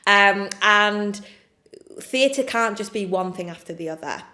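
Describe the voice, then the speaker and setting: A woman's voice: mid-range voice, unhurried, pushed and bright. A woman playwright with an English accent, answering interview questions frankly and chattily, with many fillers. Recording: echoey room.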